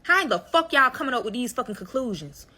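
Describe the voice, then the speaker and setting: Bright-voiced woman telling a blunt storytime. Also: a little high, sing-song, quick pace. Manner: blunt, profane, addresses viewers directly. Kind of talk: storytime vlog.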